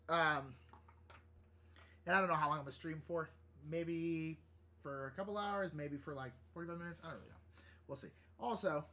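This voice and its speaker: A man hosting a live drawing stream, chatting casually and rambling, easily excited and flustered. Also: on the high side. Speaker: livestream artist host. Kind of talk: casual livestream chat while drawing.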